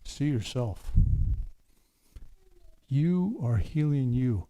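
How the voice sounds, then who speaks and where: An older reverend leading a healing service, rambling through anecdotes with stumbling restarts and dropping to a hushed murmur for healing prompts. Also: male voice, medium pitch, lively intonation, very slow, rough recording. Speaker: faith healer reverend.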